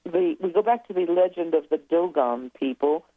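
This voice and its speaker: Over a tinny telephone line, a woman guest author with a lowish, expressive voice chats casually in an interview at normal speed, with no room sound. She rambles and hesitates while recalling things.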